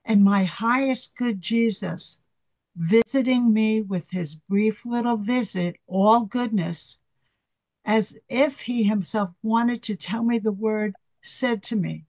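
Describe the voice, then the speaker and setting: Very slow, reverent devotional reader. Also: mid-range voice, a little mellow, no echo, poor audio. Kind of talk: devotional reading.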